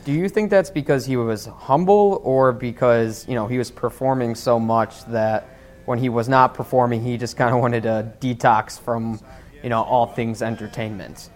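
A man's voice: mid-range voice, moderate pace, a little mellow. Male interviewer with a mid-range voice. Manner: curious, conversational questioning. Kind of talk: interview questions.

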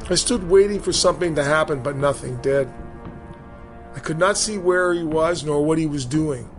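A man telling his own story in a measured, vivid way. His voice sits fairly high for a man, and faint music plays underneath. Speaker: storyteller recalling boot camp. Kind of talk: storytelling narration.

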